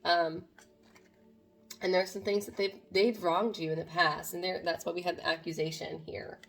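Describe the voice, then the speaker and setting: A woman's voice: lowish voice, flat delivery, normal speed. A woman doing a casual tarot reading to camera, talking to viewers in an earnest, meandering way. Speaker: tarot reader.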